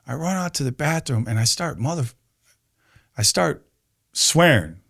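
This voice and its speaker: A man telling a personal story in casual conversation, animated, acting out quoted voices and peppering his speech with fillers. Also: a little slow, gravelly. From Chicago, USA. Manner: animated storyteller, acts out quotes with rising pitch, many fillers. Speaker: podcast guest.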